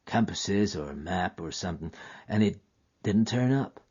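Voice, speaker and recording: A man voicing a weary, gentle old frontiersman who talks in a drawling frontier dialect, in a lo-fi recording. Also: sits low, expressive, moderate pace, breathy edge, full character voice. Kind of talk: audio drama acting. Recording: dull lo-fi recording.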